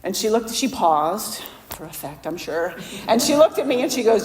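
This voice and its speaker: A woman's voice: medium pitch, lively intonation, normal speed, a little mellow, slight background noise. A woman speaker at a recovery meeting, telling her story candidly and self-deprecatingly, acting out the voices of people in it. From Florida. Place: meeting hall. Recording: echoey hall recording.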